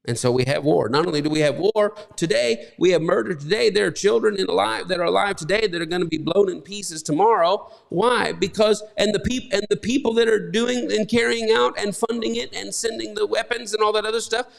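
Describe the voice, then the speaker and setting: A man's voice: sits high, fairly quick, gravelly, hardly any pauses, big-room sound. A male pastor preaching a sermon, emphatic and conversational, firing off rhetorical questions to his listeners.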